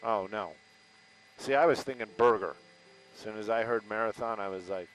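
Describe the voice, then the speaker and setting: A man's voice: lowish voice, moderate pace, rough recording. A man giving live traffic reports from a news helicopter over a headset, upbeat on air and joking off air.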